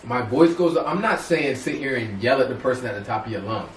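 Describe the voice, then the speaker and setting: A man's voice: mid-range voice, expressive, fairly quick, slight background noise. A man co-hosting a podcast, arguing his point insistently and talking over the others. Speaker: podcast co-host. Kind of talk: heated casual debate. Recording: roomy echo, mic at a distance.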